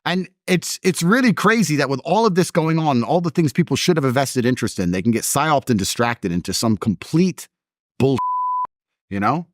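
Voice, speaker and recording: A man's voice: medium pitch, normal speed, dry recording, clean studio sound. A man in a casual conversation, telling stories in a blunt, combative way. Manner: animated storytelling, blunt and combative. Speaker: interview host.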